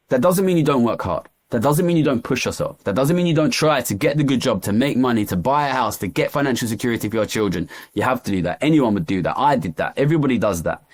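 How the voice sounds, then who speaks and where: A man with an East London accent, speaking as an economist guest in an interview, talking passionately and repeating phrases for emphasis. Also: medium pitch. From East London, England. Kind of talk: candid interview talk.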